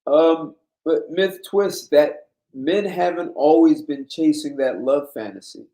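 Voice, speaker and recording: A man's voice: fairly high pitch, slow, dark tone. Blunt lecturing man, roomy echo. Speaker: host. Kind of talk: casual monologue.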